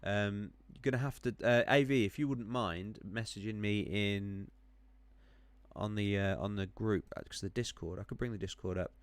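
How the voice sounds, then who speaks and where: A man's voice: fairly low pitch, steady tone, normal speed, no room sound. A man running a live stream on crypto charts, chatting with viewers, rambling with many ums and self-corrections while clicking around.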